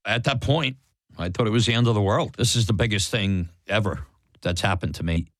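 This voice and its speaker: A man's voice: on the low side, brisk, dry recording, studio quality. A man candidly retelling a memory from his youth, acting out quotes and laughing as he goes. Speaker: storyteller recalling his own experience. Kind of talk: personal storytelling. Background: music.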